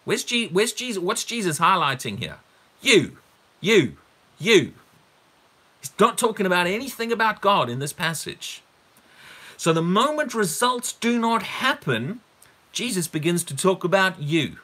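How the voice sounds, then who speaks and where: A male preacher teaching from a Bible passage in a bright, forward voice. He is emphatic, leans on repeated words, and keeps putting rhetorical questions to his listeners. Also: sits high, very animated, normal speed.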